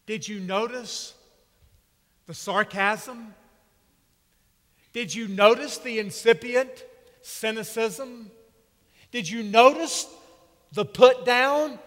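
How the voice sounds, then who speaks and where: Pastor guy, high voice, drawn out emphatic preaching, long church echo. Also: a bit bright. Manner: slow, emphatic preaching with dramatic pauses. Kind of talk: sermon. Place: church sanctuary. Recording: long reverb of a church hall.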